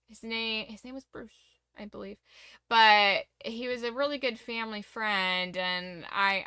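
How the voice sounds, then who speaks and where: A woman's voice: mid-range voice, sharp tone, clean tone, no echo. A young woman streamer in a casual late-night chat, speaking candidly and reflectively about her struggles, rambling with restarts.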